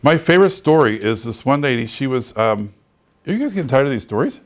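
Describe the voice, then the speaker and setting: With a crowd audible behind him, a medium-pitched man lectures quickly to a real estate class. His lesson is full of stories in which he performs the dialogue and frequently breaks into laughter.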